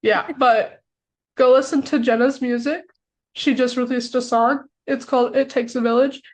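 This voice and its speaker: A young American woman telling a story on a podcast, excitable and full of "like" fillers. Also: sits high, normal speed, low-quality recording. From United States. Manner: excitable, filler-heavy with lots of "like". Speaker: podcast co-host. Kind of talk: casual storytelling chat.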